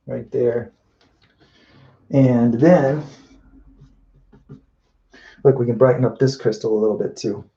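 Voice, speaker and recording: Mellow man talking through a live painting. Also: mid-range voice, takes it slowly, creaky, pauses often, dull audio. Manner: relaxed, thinking aloud while painting, many restarts and "you know". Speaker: painting instructor. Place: indoors at a painting wall.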